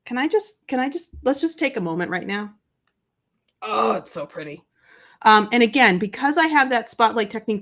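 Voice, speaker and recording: A woman's voice: a little high, big pitch swings, moderate pace, long pauses. A woman hosting a live crafting tutorial, chatty and gushing, talking to her chat between coughs from a summer cold. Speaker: host of a live papercraft show.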